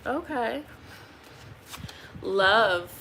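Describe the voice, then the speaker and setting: Woman tarot reader, bright, slow unhurried chatter, faint room hiss. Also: on the high side, animated. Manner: chatty, laughs often, trails off with fillers. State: pregnant. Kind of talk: casual chat with viewers during a live tarot reading.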